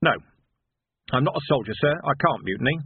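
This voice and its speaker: A man voicing a gruff, weary watch sergeant who speaks bluntly and dryly, on a thin phone-like recording. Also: fairly high pitch, lively intonation, a little fast, no echo, pitched above the performer's own voice, heavily acted. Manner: blunt, dry, commanding. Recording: dry phone-like lo-fi sound.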